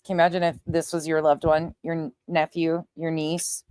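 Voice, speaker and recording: A woman hosting a reaction stream, heated and profane as she talks directly to her audience. Her voice sits a little low and comes across smooth and clear, with a dry, close sound and no room around it. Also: level tone, normal speed, darkish tone, no echo. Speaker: commentary host. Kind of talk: reaction commentary on clips.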